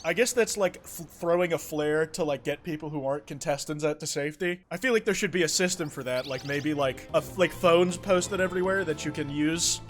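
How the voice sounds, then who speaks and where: A young man with a high, light voice riffing over a video game in casual gameplay commentary. He swears freely and makes sarcastic, excitable remarks, with faint game music underneath. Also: fairly quick, few pauses. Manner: profane, sarcastic, excitable asides. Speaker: gaming YouTuber.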